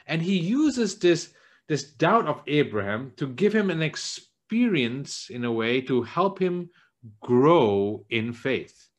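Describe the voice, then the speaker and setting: A man, a church elder, preaching a sermon in an earnest way, often repeating words as he searches for phrasing and dropping low and soft for quoted lines. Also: sing-song, takes it slowly.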